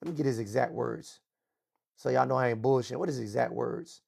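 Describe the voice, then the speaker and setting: A man with a mid-range voice and vocal fry talks briskly. Hosting a livestream talk show, he unleashes a loud, vulgar, self-aggrandizing rant.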